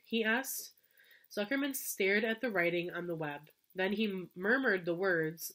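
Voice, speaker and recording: A woman's voice: mid-range voice, measured pace, fairly bright tone. Woman teacher reading a storybook aloud. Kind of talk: storybook read-aloud for children.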